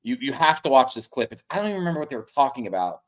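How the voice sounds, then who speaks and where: A man's voice: medium pitch, sing-song. A man co-hosting a casual sports podcast, telling stories in a worked-up, profane way. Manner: fast, worked-up, profane storyteller. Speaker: podcast co-host.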